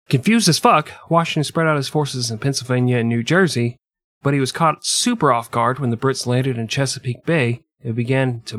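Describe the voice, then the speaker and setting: A man's voice: mid-range voice, a bit bright, no room sound. A young man co-hosting a casual comedy history podcast, telling the story with crude jokes and frequent laughter. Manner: joking, crude, laughs often. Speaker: podcast co-host narrating history.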